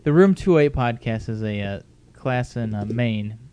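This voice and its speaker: A man's voice: mid-range voice, lively intonation, normal speed, warm tone, a little hiss or hum. A middle-aged man hosting a casual home podcast, rambling and joking at his own expense. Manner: rambling, self-mocking and jokey. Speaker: podcast host.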